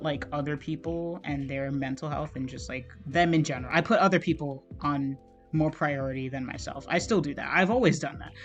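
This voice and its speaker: Give me a man with a slightly high voice, rambling casually as he draws on stream, with soft music in the background. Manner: rambling, heavy use of "like", frequent swearing. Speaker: art streamer. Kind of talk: casual rambling talk while drawing.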